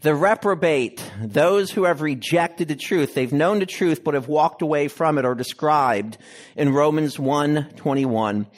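Man, pastor, expository sermon, slightly high-pitched, unhurried, emphatic pauses. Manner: slow, deliberate preaching with emphatic pauses.

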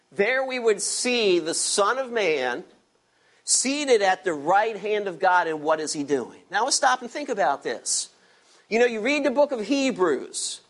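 Slow, animated male preacher. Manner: emphatic, drops low on key words. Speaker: pastor. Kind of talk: expository sermon.

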